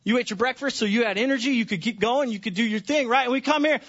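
A man preaching a sermon to his congregation, passionate, dropping to hushed tones and then rising to near-shouts. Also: very high-pitched, quick pace, few pauses, highs cut off. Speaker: pastor.

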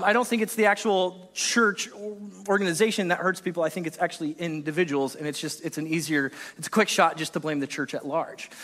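A man's voice: sits high, bright, forceful tone, in a large hall. A man preaching a conversational sermon to a congregation, chatty and self-deprecating, with joking asides. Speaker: pastor. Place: church service with a congregation.

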